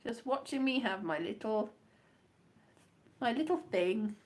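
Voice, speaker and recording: A woman's voice: a little high, expressive, measured pace, a little mellow, slight background noise. A woman comic poet rambling through a self-mocking monologue full of wandering asides.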